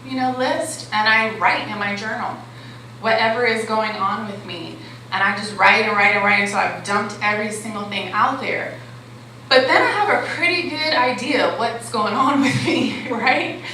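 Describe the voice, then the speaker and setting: Woman, life coach, motivational talk, forceful bright tone, conversational, very echoey hall. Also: fairly high pitch. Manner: conversational, keeps checking in with the crowd. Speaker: life coach and conference speaker. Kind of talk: motivational talk to a live audience. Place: conference hall. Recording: very echoey hall with faint background noise.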